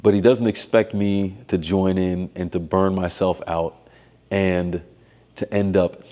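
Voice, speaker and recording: Male vlogger, low and warm, measured reflective faith talk with fillers. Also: little pitch movement. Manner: thoughtful, measured, with frequent fillers and restarts. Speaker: doctoral student and missionary vlogger.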